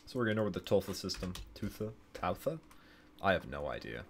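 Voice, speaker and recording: A man's voice: low-pitched, sing-song, rapid-fire, creaky, a bit bright, a little hiss or hum. A man streaming a game, reading its story text aloud, stumbling over words and correcting himself with casual asides.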